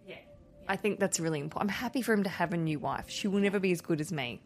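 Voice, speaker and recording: Woman, lowish voice, playful and joking, casual chat. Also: quick pace, faint music behind.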